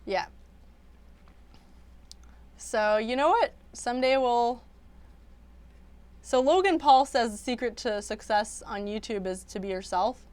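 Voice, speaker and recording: Smooth-voiced young woman chatting casually. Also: fairly high pitch, slow pace, long pauses, darkish tone. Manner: rambling, filler-heavy, many restarts. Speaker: livestream host. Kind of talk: casual livestream chat.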